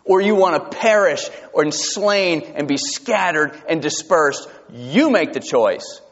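Animated male pastor preaching in a hall. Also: on the high side, takes it slowly. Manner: animated, emphatic preaching with repeated restarts. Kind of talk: sermon. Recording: dull lo-fi sound with long hall reverb.

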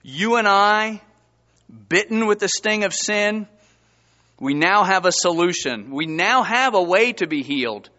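A man's voice: sits high, lively intonation, a little slow, pushed and bright, dull audio. A man preaching a sermon, reading Bible verses and pressing his listeners with rising emphasis. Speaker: pastor.

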